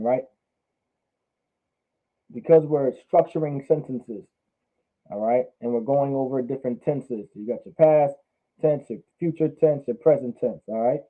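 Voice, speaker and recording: A man teaching a language class online, drilling words by repeating them slowly. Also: medium pitch. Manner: repetitive, drills pronunciation slowly. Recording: phone-like narrow sound.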